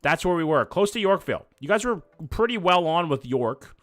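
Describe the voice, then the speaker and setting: A man's voice: fairly high pitch, big pitch swings, brisk, a bit bright, dry recording. Chatty young man streaming. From Canada. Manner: chatty, joking with chat, thinking aloud. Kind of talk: casual live-stream chat while playing. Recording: dry close mic with faint background music.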